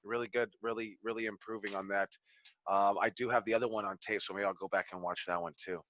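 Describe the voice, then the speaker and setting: A man coaches a wrestling promo class with upbeat encouragement. His voice is bright and forceful, and the recording is dull and lo-fi. The sound is dry. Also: lowish voice, steady tone, quick pace, no room sound. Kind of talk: class critique. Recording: dull lo-fi audio.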